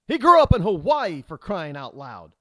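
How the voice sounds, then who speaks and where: A man's voice: high voice, huge pitch swings, moderate pace, fairly bright tone, dry recording. A man hosting a talk radio show, delivering a rambling, indignant monologue full of restarts and rhetorical questions.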